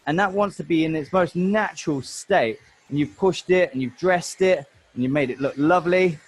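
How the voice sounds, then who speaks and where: A man's voice: fairly high pitch, slightly rough, rough recording. A man giving a chatty, matey live hairdressing demonstration, talking through each step as he works. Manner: chatty, matey, talks while working. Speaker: hairdressing educator. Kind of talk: live online hair cutting demo.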